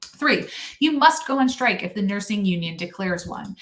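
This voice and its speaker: A woman's voice: mid-range voice, expressive, moderate pace, fairly bright tone. A young adult woman, a nurse, hosting a casual livestream chat, chatty and sarcastic with frequent laughs.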